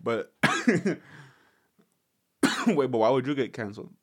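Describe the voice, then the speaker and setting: A man's voice: medium pitch, big pitch swings, takes it slowly, breathy edge, no room sound, studio quality. A man hosting a podcast in casual chat, rambling and profane, laughing often between thoughts. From Southern California.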